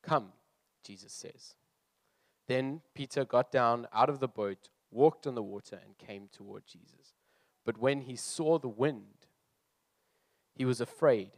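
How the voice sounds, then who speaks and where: A man's voice: mid-range voice, measured pace, no room sound. A young man who is a youth leader, preaching earnestly and reading scripture aloud before explaining his points. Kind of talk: sermon.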